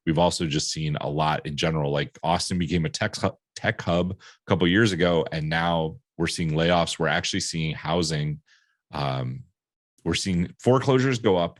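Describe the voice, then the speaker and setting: Deep-voiced male podcast host, dry sound. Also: no room sound. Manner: relaxed, asks questions, conversational fillers. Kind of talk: conversational interview.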